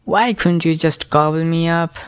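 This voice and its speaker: A woman's voice: sits low, steady tone, moderate pace, clear, resonant tone, dry recording, close to an everyday voice. A woman voicing a lazy, world-weary young man who sighs and mumbles his lines.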